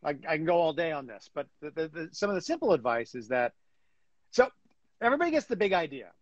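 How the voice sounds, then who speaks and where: A man chatting as a guest in an interview, animated and full of fillers and restarts. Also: a little high, fast talker, dull audio, crowd noise. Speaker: guest, comic book writer. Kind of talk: casual interview chat.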